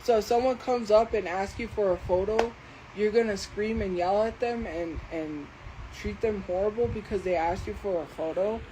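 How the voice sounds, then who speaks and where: A woman on her livestream, venting at commenters in a defensive, exasperated way. Her voice sits at an everyday middle pitch, with a faint hum of noise behind her. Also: moderate pace, mellow, poor audio. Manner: defensive, exasperated, talking back to chat. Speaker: livestream host. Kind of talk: casual livestream ranting.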